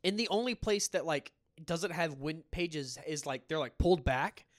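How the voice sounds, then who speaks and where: A podcast co-host with a fairly high, expressive voice talks at a moderate pace about horror films. He chats casually and enthusiastically, swearing freely, in a dry recording of studio quality.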